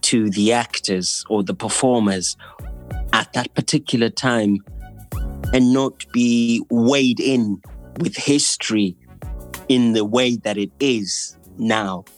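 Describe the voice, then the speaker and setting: A man from Zimbabwe with a Zimbabwean accent, an actor speaking English as a later language, talking in a relaxed conversation and often restarting his sentences with fillers. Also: mid-range voice, slow, soft background music. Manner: hesitant, many restarts and fillers. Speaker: actor, guest. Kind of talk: casual conversation.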